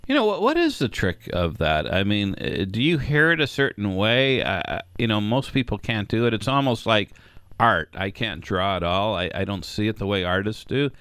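Lively, inquisitive male radio co-host. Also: fairly low pitch, normal speed, clean tone, no room sound. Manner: enthusiastic, inquisitive. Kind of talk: casual radio interview. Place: radio studio.

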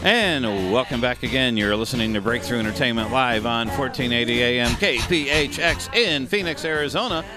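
A man's voice: medium pitch, normal speed, few pauses, music in the background. A man co-hosting a live radio entertainment show, bantering playfully with his co-hosts. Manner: playful, jokey.

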